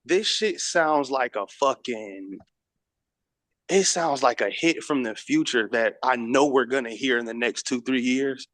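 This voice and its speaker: A man's voice: mid-range voice, a bit bright, no echo. Young male rapper guest, slangy, profane, dry close sound. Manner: slangy, profane, drawn-out emphasis. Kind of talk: casual interview chat.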